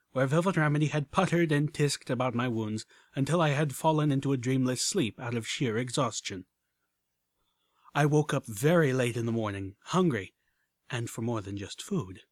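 A man reading a story aloud as an audiobook narrator, measured and even. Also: mid-range voice, no echo, clean studio sound. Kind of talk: scripted narration.

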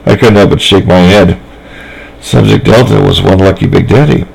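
Gravelly man reading a story. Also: low voice, normal speed, a little mellow, poor audio. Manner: plain, conversational reading with small slips. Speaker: narrator. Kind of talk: first-person story reading.

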